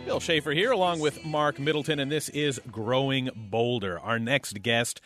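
A man's voice: mid-range voice, normal speed, a bit bright, soft background music. A man hosting a radio show, introducing guests and asking questions. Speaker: radio host.

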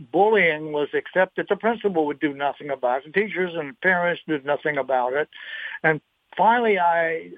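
A man's voice: on the high side, no echo. Older man on a tinny phone line. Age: 80s. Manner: halting, repeats words, gets choked up. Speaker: guest. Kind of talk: emotional radio interview.

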